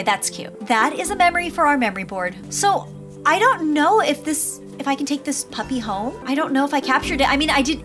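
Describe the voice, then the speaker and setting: A high-voiced woman talks over a cute pet game, her voice bouncing animatedly as she coos at the dogs in sweet baby talk. Cheerful game music plays clearly behind her. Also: fairly bright tone. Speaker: gaming YouTuber. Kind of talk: let's play commentary.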